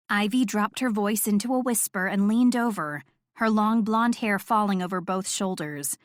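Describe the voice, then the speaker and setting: A woman narrating a first-person romance audiobook in an even, wry, reflective reading. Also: medium pitch, normal speed, no echo, clean studio sound.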